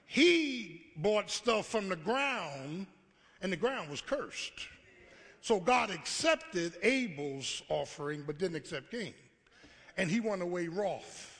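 A pastor preaching a call-and-response sermon, acting out God's voice and rising to shouts. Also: male voice, sits high, expressive, takes it slowly. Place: church sanctuary. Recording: live church hall with long reverb.

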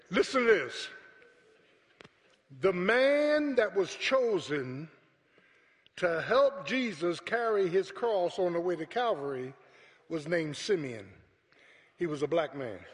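A pastor preaching a sermon to his congregation, calling out to them and building up to shouts. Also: on the high side. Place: church sanctuary. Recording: echoey church hall.

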